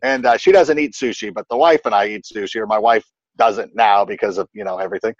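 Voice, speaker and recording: A man's voice: fairly low pitch, fast talker, no room sound, muffled recording. A man in his thirties chatting casually in an interview about parenting, acting out quotes and leaning on "like" as a filler. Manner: animated storyteller who acts out quotes, many "like" fillers. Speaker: guest parent giving advice.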